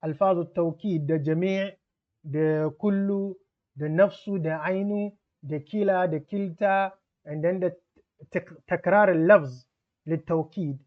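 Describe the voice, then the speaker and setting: High-voiced man teaching grammar. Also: unhurried, muffled recording. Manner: methodical, repeats terms and examples, mixes Arabic terms into English. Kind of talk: explanatory grammar lesson.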